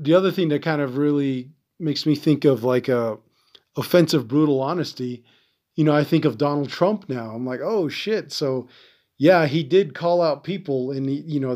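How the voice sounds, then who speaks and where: A man from the Navajo Nation hosting a veterans podcast, telling stories in a casual, rambling way with lots of swearing and pauses to search for words. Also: a little high, a little mellow. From Navajo Nation, American Southwest. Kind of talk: casual storytelling.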